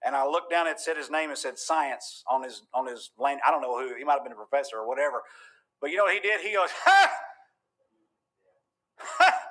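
A man's voice: mid-range voice, a bit bright. A man from Georgia preaching a sermon, folksy and joking one moment, fervent and thundering the next. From Georgia, USA. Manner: fervent, folksy, cracks jokes then thunders.

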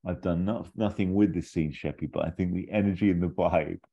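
Deep-voiced man, rambling casual chat. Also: steady tone, a little fast, gravelly, warm tone, husky, lo-fi sound. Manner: rambling, acts out lines in bits. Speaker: podcast co-host pitching a story idea.

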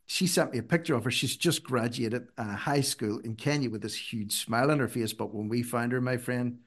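A man's voice: medium pitch, moderate pace. Earnest man telling stories. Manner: earnest, emphatic, rises sharply when urging. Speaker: guest. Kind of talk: conversational storytelling.

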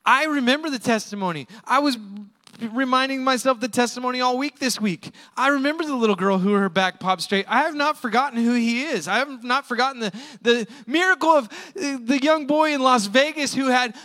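A male pastor preaching a storytelling sermon in a casual, conversational way, with emphatic points and quick asides. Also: very high voice, bright, forceful tone, in a large hall.

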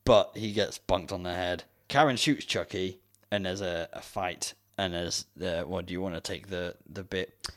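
A man's voice: low-pitched, normal speed. A man co-hosting a podcast, casually retelling a film plot and joking around. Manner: jokey, breaks into silly impressions. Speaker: podcast co-host.

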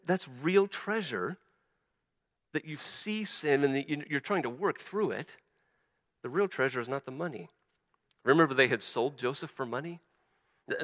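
Delivering a sermon in a large hall, this male pastor speaks in a mid-range voice, animated and voicing the people he quotes. He often trips over his words and restarts.

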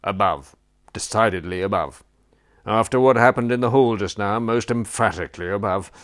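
A man's voice: lowish voice, normal speed, fairly bright tone, natural voice. A man reading an audiobook, voicing a peevish, rambling elderly duke who blusters along. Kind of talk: audiobook character voice.

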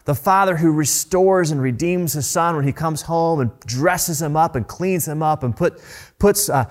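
A man preaching a sermon in a conversational tone, telling the story in a lively way. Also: a little high, moderate pace. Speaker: pastor.

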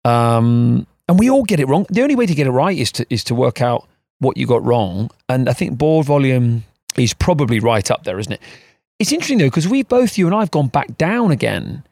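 A man's voice: mid-range voice, big pitch swings, brisk, gravelly, a little mellow, dry recording, studio quality. A man co-hosting a podcast, chatting in a rambling, self-mocking way. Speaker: podcast co-host. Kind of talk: casual chat.

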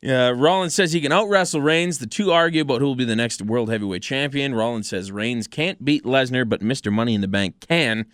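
A man's voice: mid-range voice, brisk, hardly any pauses, a bit bright, clear, resonant tone, dry recording, studio quality. A man hosting a casual podcast, recapping events from notes in a laid-back way with joking asides. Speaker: podcast host. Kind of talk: casual wrestling podcast chat.

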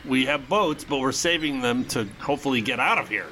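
A man's voice: mid-range voice, expressive, a little fast, bright, forceful tone, slight background noise. A man narrating a tabletop game as game master in a dry, matter-of-fact way.

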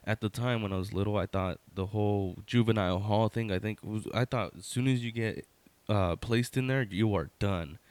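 A man's voice: fairly low pitch, moderate pace, darkish tone, no echo. A middle-aged man casually telling a personal story, rambling and wry, full of fillers, self-corrections and "right?" asides. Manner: wry, conversational, addresses listener with "right?".

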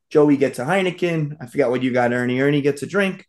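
A man telling a story in a casual chat, animated, acting out quotes and laughing often. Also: medium pitch, quick pace.

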